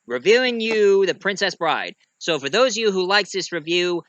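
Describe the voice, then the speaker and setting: A man's voice: high-pitched, lively intonation, normal speed, few pauses, a bit bright, poor audio. A man giving a casual, rambling movie review, full of fillers and restarts, who keeps acting out lines.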